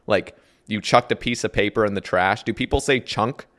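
A man's voice: fairly low pitch, normal speed, fairly bright tone. A man from Oregon hosting a podcast, curious and easygoing, asking his guest questions. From Oregon, United States. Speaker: podcast host. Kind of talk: casual podcast chat.

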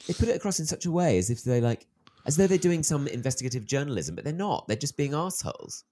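A man in his thirties, an author being interviewed, telling stories in a lively way and acting out the voices of the people he quotes. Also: fairly high pitch, quick pace. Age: 30s. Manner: animated storyteller, acts out quoted voices. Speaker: author guest. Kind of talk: interview conversation.

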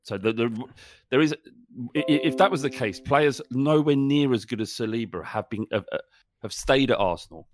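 A man's voice: mid-range voice, normal speed. A man co-hosting a podcast, talking bluntly in casual banter with some swearing. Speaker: podcast co-host. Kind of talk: casual chat.

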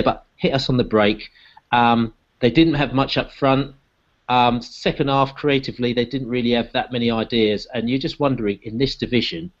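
A man hosting a casual football podcast, steering the chat and turning questions over to the panel. His voice sits at a middle pitch, and the recording sounds muffled and lo-fi. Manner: leads the talk, hands questions to the panel. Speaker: podcast host.

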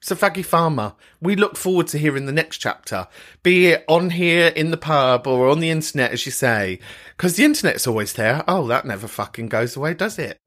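A man's voice: a little high, expressive, a little fast, fairly bright tone. A man hosting a podcast in a camp, chatty, sweary style, laughing often. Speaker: podcast host. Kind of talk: casual chat.

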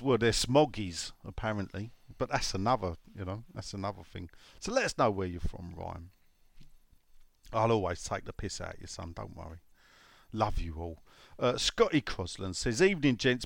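A man's voice: fairly low pitch, animated, moderate pace, creaky, no echo. A man hosting a casual chat show, rambling and joking as he reads out listener comments. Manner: rambling, joking, many fillers and restarts. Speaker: podcast host.

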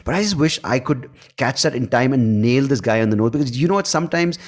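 A man hosting a podcast in casual chat, blunt and quick to swear when riled. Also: mid-range voice, expressive. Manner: blunt, swears freely, gets heated. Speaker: podcast host.

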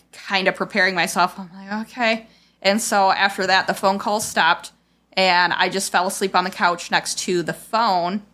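Woman, podcast host, casual storytelling, rambling, filler-heavy, bright voice. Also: on the low side. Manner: rambling, heavy on "like" and "I was like" quotes; raw, frustrated retelling of a painful memory.

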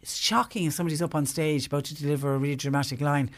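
A man's voice: on the high side, steady tone, rapid-fire. A man hosting a casual chat, chatty and asking short questions.

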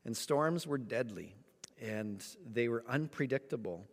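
A man preaching a sermon, telling a story with lively acted-out moments. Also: mid-range voice, measured pace, big-room sound. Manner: animated storytelling, acts out voices. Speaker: pastor.

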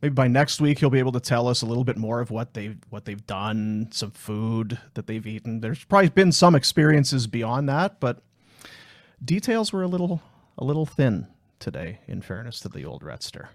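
A Canadian man co-hosting a sports podcast, telling stories with frequent laughs and trailing off softly, and also reading a live ad. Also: mid-range voice, expressive, moderate pace, no room sound, clean studio sound. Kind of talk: casual chat and live ad read. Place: small podcast studio. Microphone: studio mic.

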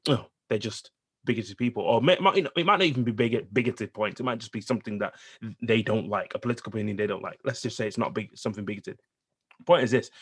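A man's voice: mid-range voice, slightly rough. A man co-hosting a podcast, debating politics in casual chat and repeating himself to hold the floor. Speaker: podcast co-host.

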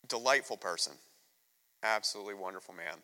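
Preaching briskly as a missionary guest, this American man tells emotional, candid stories in his sermon. His voice sits on the low side yet sounds bright. The church hall adds a long reverb.

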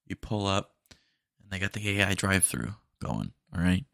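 A young man hosting his own podcast, rambling along in a loose, joking way. His voice sits low with plenty of gravelly fry, yet his pitch moves around a lot as he talks. The sound is dry and close, with no room around it. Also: big pitch swings, moderate pace, a bit bright, no echo. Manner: laid-back, rambling, jokey. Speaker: podcast host. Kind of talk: solo casual podcast talk.

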